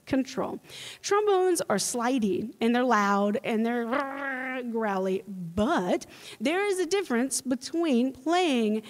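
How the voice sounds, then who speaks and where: A young woman giving a playful, animated panel talk as a trombonist at a convention. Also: fairly high pitch, takes it slowly. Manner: animated, playful, mimics voices. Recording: reverberant hall.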